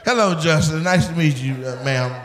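A man doing stand-up crowd work on a club stage, loudly teasing audience members in a lively comic riff. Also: fairly high pitch, brisk, background noise. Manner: loud, teasing, animated riffing with audience members. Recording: roomy live club with crowd laughter. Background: loud laughing crowd.

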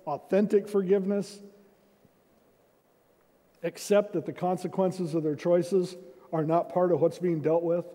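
This senior pastor preaches with a high-pitched, warm voice, keeping his sermon conversational and laced with self-deprecating humor. It's recorded in the echoing hall of a church sanctuary.

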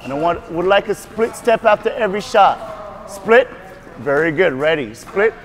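High-voiced male tennis coach calling cues. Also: expressive. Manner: brisk, repetitive cues and frequent praise. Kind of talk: on-court coaching instructions. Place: tennis court at a racquet club.

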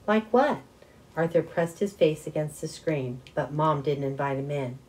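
A woman reading a children's novel aloud with expressive first-person narration. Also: deep voice, moderate pace, rough recording. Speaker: audiobook reader. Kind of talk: storybook reading.

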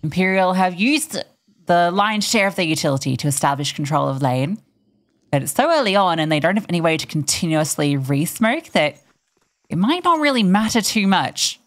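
A woman commentating an esports match, teasing her co-caster between lively play-by-play calls. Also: fairly low pitch, moderate pace.

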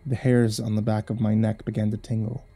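A man reading a first-person horror story aloud, measured with dramatic swells. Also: on the low side, little pitch movement, warm tone, breathy edge.

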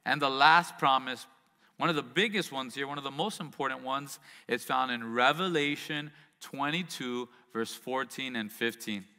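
A man's voice: mid-range voice, moderate pace, pushed and bright, smooth, big-room sound. A man preaching a sermon as pastor, reading scripture and adding conversational asides and rhetorical questions.

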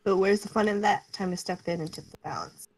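A woman's voice: medium pitch, fast, a little mellow. A woman streaming a game, reading its text aloud in a casual, laughing way.

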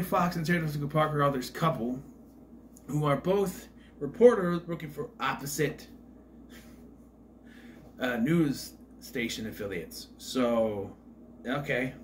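A man's voice: mid-range voice, fairly bright tone, a little hiss or hum. A man casually rambling through a movie rundown, hesitant and wry with frequent asides. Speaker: movie reviewer.

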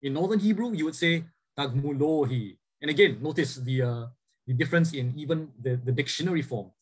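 A man teaches a class in a husky voice that sits a little high. He explains step by step and keeps checking that students follow. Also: brisk, rough recording. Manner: explanatory, often checks with "right?". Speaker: lecturer. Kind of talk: classroom lecture with student questions.

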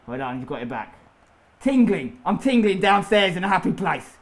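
A young man commentating on his own football video game match, boastful and excitable, taunting his opponent and shouting at the big moments. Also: high-pitched, normal speed. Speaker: gaming YouTuber. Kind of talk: live gameplay commentary with trash talk.

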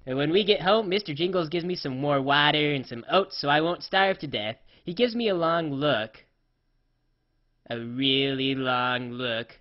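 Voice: medium pitch, unhurried, natural voice. A performer voicing a scatterbrained, cheerfully oblivious female pony who tells her story in the first person, rambling and offhand, full of "uh" and "like", on a slightly dull lo-fi recording.

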